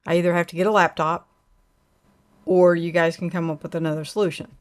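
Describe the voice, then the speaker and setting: A woman's voice: on the low side, little pitch movement, a little fast. Chatty older woman with an Okie twang. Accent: Oklahoma twang. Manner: chatty, rambling, reads viewer comments aloud. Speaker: livestream host. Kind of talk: casual livestream chat.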